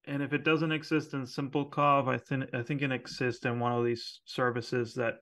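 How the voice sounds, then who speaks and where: Gravelly man in casual tech chat. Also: mid-range voice, normal speed. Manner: relaxed, filler-heavy, laughs often.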